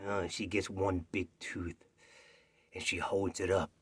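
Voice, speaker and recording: A man's voice: low voice, level tone, a little slow, husky. A man auditioning with a dramatic scary story, dropping into whispers for suspense. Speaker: actor auditioning. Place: home self-tape.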